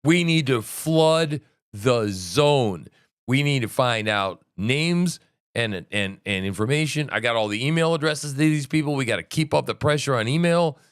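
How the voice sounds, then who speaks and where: A man hosting a livestream, reacting to a meeting with excitable, profane commentary that swings between loud outbursts and muttering. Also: medium pitch, normal speed, clean tone, no room sound, clean studio sound. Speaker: livestream host.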